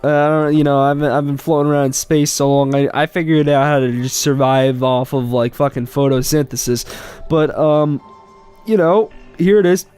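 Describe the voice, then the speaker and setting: A man improvising a comic story, rambling and halting, full of fillers and swearing. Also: fairly high pitch, fairly even intonation, darkish tone, clear, resonant tone, soft background music.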